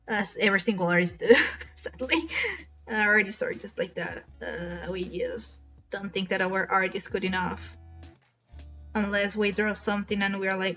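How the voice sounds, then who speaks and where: With a steady, slightly bright tone and normal pacing, a woman rambles through casual, self-deprecating chatter on her stream. Her cheap desk microphone gives a dull, low-grade quality, and soft music plays behind her.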